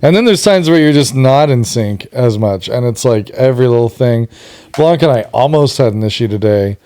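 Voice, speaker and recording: A man's voice: medium pitch, animated, a little fast, mellow. A man co-hosting a podcast in casual chat, easygoing and reflective, often agreeing briefly. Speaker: podcast co-host.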